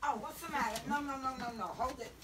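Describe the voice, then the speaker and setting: A woman's voice: sits high, fast, crowd noise. Rambling, salty-tongued woman at home. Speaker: dog owner giving up her pets. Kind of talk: casual chat. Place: indoors in her home.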